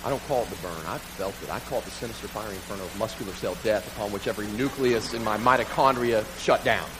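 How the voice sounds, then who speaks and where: A man preaching a sermon through a comic, self-mocking story, animated and building to loud bursts. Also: fairly low pitch, quick pace, background noise.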